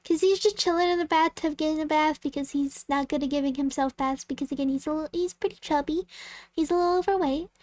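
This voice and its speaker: A young-sounding, high-pitched woman chats as she draws, wandering from one thought to the next and scattering "like" and "um" throughout. She laughs easily and talks to her viewers as if they were friends. The sound is close and dry, with no room around her. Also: quick pace, a little mellow, no echo. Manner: rambling and giggly, full of "like" and "um" fillers. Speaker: artist and channel host. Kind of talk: casual chat while drawing.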